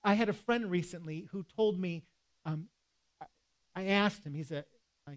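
A man's voice: high-pitched, normal speed. A man preaching a sermon in a conversational way, with casual asides and quoted scripture. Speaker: pastor.

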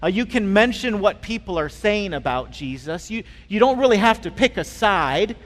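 A male pastor preaching a sermon in a conversational way, with frequent pauses and restarts. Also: sits high, very animated, fairly bright tone. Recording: long reverb in a large hall.

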